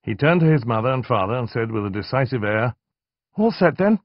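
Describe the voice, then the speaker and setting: A man narrating a fantasy novel in a measured, expressive reading. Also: medium pitch, no room sound, muffled recording. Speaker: audiobook narrator. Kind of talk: scripted narration.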